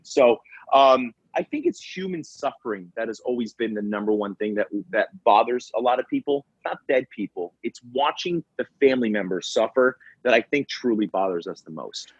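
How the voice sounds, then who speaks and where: A man who works as a firefighter telling work stories on a podcast, animated and slangy, acting out what people said. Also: mid-range voice, moderate pace, husky, no room sound. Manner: animated storyteller, acts out quotes, says bro and man a lot. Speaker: firefighter and comedy video creator, guest. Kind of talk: casual podcast storytelling. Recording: dull lo-fi sound.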